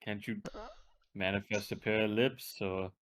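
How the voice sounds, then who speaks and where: A man playing his character in a tabletop game, deadpan and teasing. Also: fairly low pitch, a little slow, noisy background. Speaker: player.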